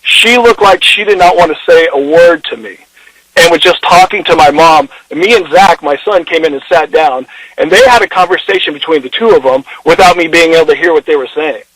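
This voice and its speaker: A man's voice: a little high, a little fast, a bit bright, no room sound. A man on a phone call telling a long story emotionally, rambling and acting out what people said. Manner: rambling, restarts, acts out quoted dialogue. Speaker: interview guest. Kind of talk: emotional first-person retelling.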